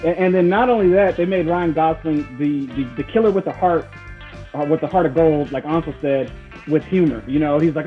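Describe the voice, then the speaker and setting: A man's voice: a little high, fairly quick, faint music behind. A man co-hosting a casual movie-review podcast, often stammering and repeating words as he talks. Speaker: podcast co-host. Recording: dull lo-fi podcast audio.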